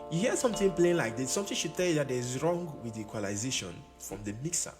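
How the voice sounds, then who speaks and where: A fast-talking man with a sing-song, mid-range voice barely pauses. In a casual music production tutorial at the keyboard, he frequently repeats things and checks that the listener is keeping up. Long reverb fills the room, and keyboard music plays behind him.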